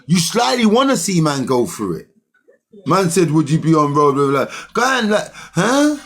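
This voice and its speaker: A young man rants heatedly at his livestream commenters. His husky voice sits high and swings widely in pitch as he argues. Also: very animated, moderate pace, a bit bright. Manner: heated, argumentative, slangy. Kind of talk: ranting livestream monologue.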